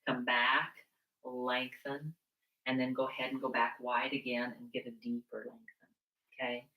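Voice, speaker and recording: Bright-voiced woman leading chair yoga. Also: rumbling low, flat delivery, a little slow. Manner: chatty, mixes personal stories with movement cues. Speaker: yoga instructor. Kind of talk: guiding a seated chair yoga class. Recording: echoey room, mic at a distance.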